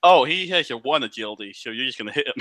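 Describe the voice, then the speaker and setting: A man's voice: medium pitch, animated, fast, bright, forceful tone, no room sound. A man running a tabletop game as game master, narrating casually with many fillers and laughs.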